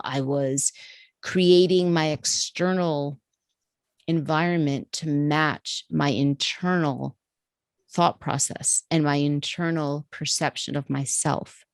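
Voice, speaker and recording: Woman, podcast guest, lively storytelling, deep, gravelly. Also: slow, no room sound, clean studio sound. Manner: vivid, animated storytelling with acted quotes. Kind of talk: storytelling in an interview.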